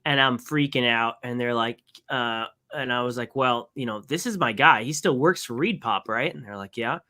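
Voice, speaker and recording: A man on a podcast casually telling an animated story, acting out both sides of a conversation. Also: medium pitch, moderate pace. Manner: animated anecdote with quoted exchanges. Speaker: podcast co-host.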